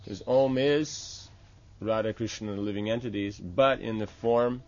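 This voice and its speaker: A man's voice: on the low side, normal speed, darkish tone, a little hiss or hum. Lo-fi man explaining worship steps. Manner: explanatory, repeats "Right?" to check understanding. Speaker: religious teacher. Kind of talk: instructional talk on temple worship.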